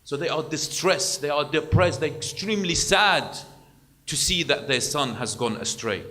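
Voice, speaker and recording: A man with a notably high voice preaching a sermon, earnest and repetitive, often stopping to repeat a word before pushing on. His voice carries with a long reverb through a hall. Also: expressive, normal speed, sharp tone. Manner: earnest, repeats words, acts out quotes.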